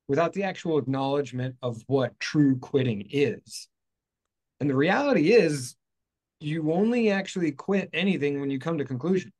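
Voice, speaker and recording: Rambling man musing on spiritual ideas. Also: mid-range voice. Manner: rambling, self-correcting, playful asides. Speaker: host. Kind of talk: casual spiritual talk. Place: outdoors in hot weather.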